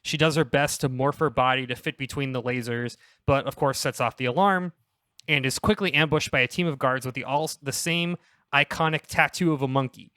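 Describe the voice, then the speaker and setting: A young man on a casual comedy podcast, pitching a story in a rambling, self-interrupting way and laughing at his own jokes. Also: brisk, sharp tone, no echo, clean studio sound.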